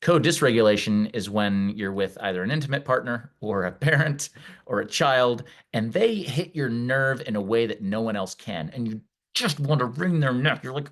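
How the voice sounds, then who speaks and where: A middle-aged man, a wellness coach, giving a conversational live-streamed teaching talk and explaining ideas in a relaxed way. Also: medium pitch, normal speed. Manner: conversational and explanatory, acts out quoted voices.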